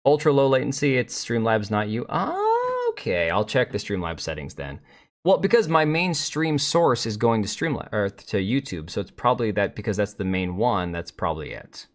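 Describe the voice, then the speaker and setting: A man's voice: lowish voice, huge pitch swings, moderate pace. A middle-aged man hosting a live stream, rambling bluntly with profanity as he reads and answers chat.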